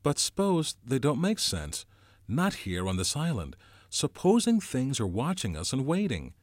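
A man's voice: mid-range voice, huge pitch swings, unhurried, no room sound, clean studio sound, pitched above the performer's own voice. A man voicing a boy leader who speaks in a hesitant, careful way, uneasy and scared, in an audiobook reading.

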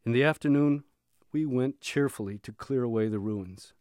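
A man reading a memoir aloud in a measured, steady storytelling voice. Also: mid-range voice, smooth, no echo, clean studio sound. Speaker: reader.

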